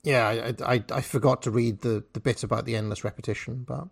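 Male YouTuber, sardonic and casual, gravelly husky tone, cheap mic. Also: mid-range voice, steady tone, quick pace. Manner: sardonic, swearing, chatty asides. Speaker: YouTube commentator. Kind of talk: casual video commentary. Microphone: cheap microphone instead of his usual one.

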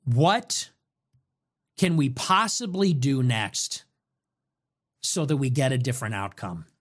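A man's voice: medium pitch, lively intonation. Young man ranting through rhetorical questions. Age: young adult. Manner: ranting, rapid-fire rhetorical questions, profane. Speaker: show host. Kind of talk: political monologue.

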